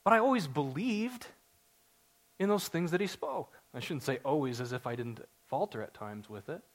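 A man in his forties preaching a sermon to his congregation, earnest and story-driven, building to excited emphasis. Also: on the high side, normal speed. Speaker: pastor.

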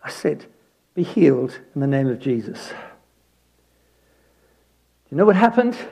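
A man preaching a sermon, telling a personal story with animated emphasis that drops into hushed asides. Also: medium pitch, a little slow, gravelly, slightly rough.

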